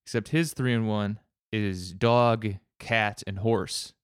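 A man co-hosting a podcast in casual chat, rambling with halting restarts and wry jokes. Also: lowish voice, steady tone, smooth, dry recording, clean studio sound.

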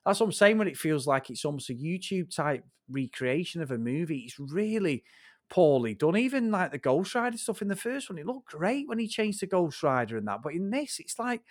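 A man's voice: on the high side, very animated, fairly quick, no echo, clean studio sound. A man co-hosting a casual film review podcast, blunt and sweary as he rants about a bad movie. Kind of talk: casual chat.

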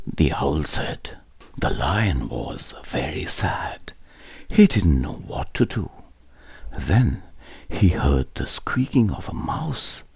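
A man reading a children's story aloud in a soft, half-whispered voice. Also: a bass voice, sing-song, slow pace, vocal fry, breathy edge, dry recording.

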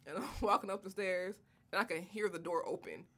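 A woman guest in a casual chat, talking slowly and laughing often as she tells stories. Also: on the low side. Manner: slow, laughing, expressive.

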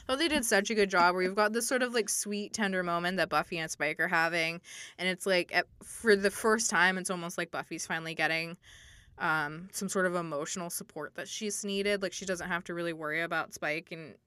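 Young woman podcast co-host, bright and crisp, thoughtful, chatty, close and dry. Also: on the low side, brisk, no echo. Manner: thoughtful, chatty, heavy use of "like". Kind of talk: casual chat analyzing a TV episode.

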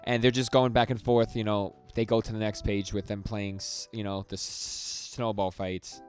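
A man's voice: lowish voice, level tone, moderate pace, clear, resonant tone. A young man co-hosting a podcast, recapping a manga in a rambling way with lots of stammered restarts and acted-out quotes. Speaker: podcast co-host. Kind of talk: casual chat recapping a manga. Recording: music playing underneath.

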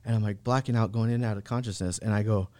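Podcast guest, man in his 30s, slangy laid-back storyteller with a lowish voice, close dry mic. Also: fairly even intonation, very fast, mellow, no room sound. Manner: laid-back slangy talk, many "bro" and "like". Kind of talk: casual storytelling.

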